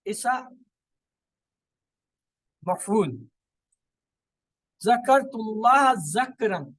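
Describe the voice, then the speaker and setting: A man teaching Quranic Arabic grammar in a slow, deliberate way, repeating terms and pausing now and then to find words. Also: high-pitched, breathy edge, no echo, poor audio. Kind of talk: recorded Quran grammar lesson.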